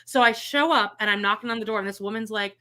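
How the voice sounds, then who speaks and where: A young woman telling a story in casual chat, animated and swearing freely, acting out what people said. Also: mid-range voice, fast talker. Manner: animated, swears a lot, acts out quotes with shrieks.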